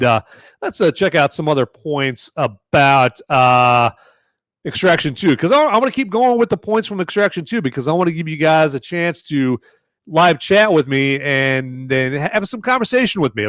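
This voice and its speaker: A man's voice: medium pitch, dry recording. A man hosting a live-stream movie review podcast, talking casually and rambling with lots of fillers and restarts. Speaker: podcast host.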